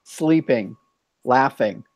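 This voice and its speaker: A man's voice: mid-range voice, expressive, slow pace, no room sound. A man hosting a casual bilingual chat, rambling and thinking aloud as he talks. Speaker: host.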